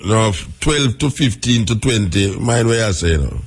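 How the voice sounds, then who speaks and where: A man hosting a call-in radio show, speaking slowly and emphatically. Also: fairly low pitch, expressive. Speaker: radio host.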